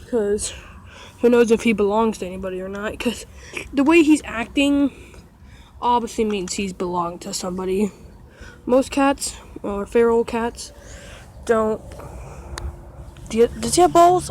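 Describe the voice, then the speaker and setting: A woman's voice: a little mellow, a little hiss or hum. Chatty woman vlogging outdoors with a cat. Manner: chatty, coos at the cat in a higher voice. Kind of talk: casual vlog chat. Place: outdoors beside her house.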